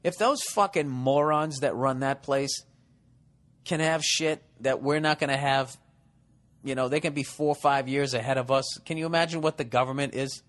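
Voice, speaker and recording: A man's voice: medium pitch, moderate pace, fairly bright tone. Male comedy podcast host, rambling and profane, sarcastic. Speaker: podcast host reading listener letters.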